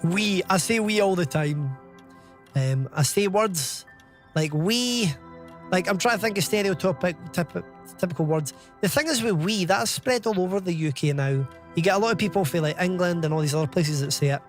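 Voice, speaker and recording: A man's voice: sits high, lively intonation, normal speed, faint music behind. A man chatting casually on a game live stream, rambling and laughing often.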